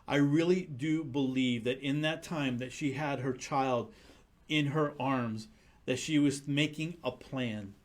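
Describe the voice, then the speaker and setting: A man preaching a conversational sermon, earnest and full of restarts. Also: medium pitch. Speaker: pastor.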